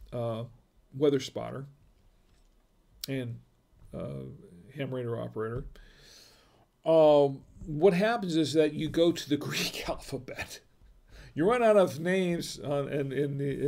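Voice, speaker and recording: The speaker, a middle-aged man from North Carolina hosting a casual livestream, has a medium-pitched, slightly mellow voice with vocal fry. He chats in a rambling way, with plenty of fillers and restarts.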